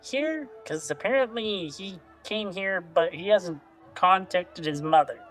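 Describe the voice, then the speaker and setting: Hesitant player at a tabletop game, stammery, soft music behind. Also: mid-range voice, expressive, measured pace.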